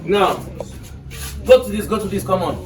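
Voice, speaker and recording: A man with a high voice teaches English in a classroom, keeps stopping to check that his students are with him, and is recorded from across an echoey room. The sound is roomy and distant rather than close and dry. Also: normal speed, over music. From Nigeria. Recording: echoey room, mic far off.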